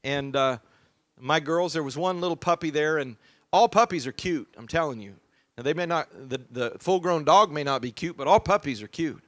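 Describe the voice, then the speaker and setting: A male pastor preaching a sermon in an easygoing, story-driven style, full of "uh"s and restarts. His voice sits a little high. The sound is dry and close, with no room echo. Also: moderate pace. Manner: conversational storytelling with many fillers.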